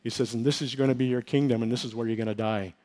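A man's voice: medium pitch, fairly even intonation, racing, a little mellow. A middle-aged male pastor giving an earnest, emotional testimony in a sermon, telling his story with many fillers and restarts.

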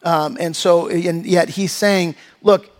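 A man's voice: on the high side, fairly even intonation, slow pace. A male pastor preaching a sermon in an earnest, conversational way, often restarting and stumbling over his words.

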